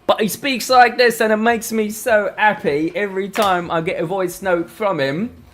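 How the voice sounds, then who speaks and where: A man putting on a cheerful British accent, raising his voice for a bright impression. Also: sits high, fairly even intonation, moderate pace, a little hiss or hum, voice pushed up. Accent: put-on British.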